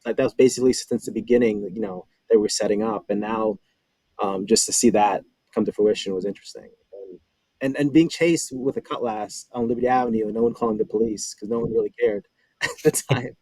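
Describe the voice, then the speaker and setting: Guy rambling about a shoot, lots of likes and you knows, mellow dark tone. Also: on the low side, steady tone, a little fast, dry recording, poor audio. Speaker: former web series cast member. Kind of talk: casual chat.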